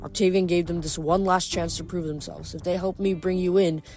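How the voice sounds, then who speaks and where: A woman voicing a big, stern young male Roman centurion in a storybook reading, in a flat, blunt, official tone. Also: fairly low pitch, fairly quick, soft background music, natural voice.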